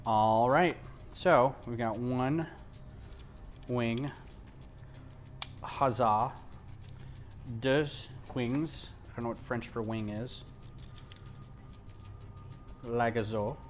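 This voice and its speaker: Male livestream host, mid-pitched, loose rambly home chat with lots of ums, faint music in the background. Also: slow pace. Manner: rambling, drifts onto tangents and loses his thread; frequent ums and restarts. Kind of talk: casual chat while building.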